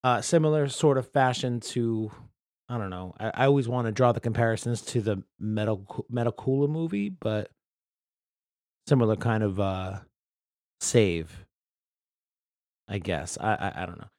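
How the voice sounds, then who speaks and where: A man's voice: lowish voice, moderate pace, long pauses, a little mellow, no echo, studio quality. A man hosting a casual solo podcast, talking in a loose, rambling way that is full of profanity. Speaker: podcast host.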